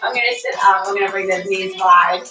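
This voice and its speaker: A woman's voice: medium pitch, fairly quick, pushed and bright. A female fitness instructor leading a barre workout class, cueing moves, counting reps and chatting with class members by name. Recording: echoey room, voice from far off, faint music.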